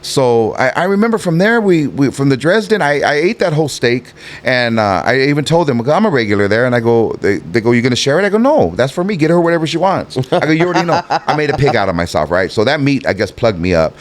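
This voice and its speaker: A middle-aged man with a Southern California Chicano accent, telling a profane, animated story as a podcast guest and acting out the voices in it. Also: mid-range voice, quick pace. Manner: animated, profane, acts out every voice in his stories. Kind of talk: casual storytelling in a podcast interview.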